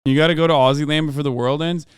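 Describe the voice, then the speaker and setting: A man's voice: fairly high pitch, racing, smooth, no echo, clean studio sound. A man hosting a live stream, reacting to political clips in casual, profane, slangy commentary. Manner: animated, profane, slangy, addresses chat as bro. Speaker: streamer host.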